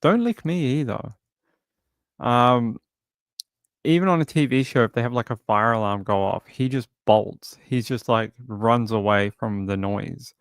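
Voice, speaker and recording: An Australian man who runs a livestream show, chatting casually and cooing softly to his cat at home into a desk microphone. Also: fairly low pitch, a little slow, clean tone, no room sound, clean studio sound. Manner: soft, chatty and rambling, coos at his cat. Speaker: true crime streamer. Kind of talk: casual chat during a livestream. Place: home, indoors.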